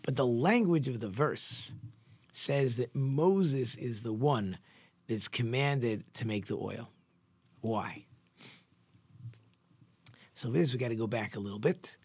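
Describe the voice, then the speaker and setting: A male rabbi teaches Torah in a lively storytelling manner, jumping up in pitch for emphasis and often restarting his sentences. His voice sits at an ordinary middle pitch and sounds dry and close, with no room around it. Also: slow pace, pauses often, slightly rough, no echo. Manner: animated storytelling with sudden pitch jumps; conversational, with frequent restarts. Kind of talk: Torah lesson.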